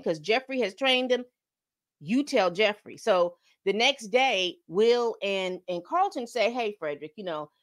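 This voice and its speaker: A woman hosting a podcast, casually recapping a TV episode, telling it like a story and acting out the characters' lines. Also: on the high side. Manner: animated storytelling, acts out quotes, calls listeners "baby".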